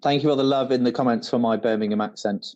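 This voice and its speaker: A man's voice: mid-range voice, fairly even intonation, fast, a little mellow, dull audio. A man from Shropshire co-hosting a casual online quiz over a video call, hesitant and playful, with lots of ums. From Shropshire, England. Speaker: quiz co-host.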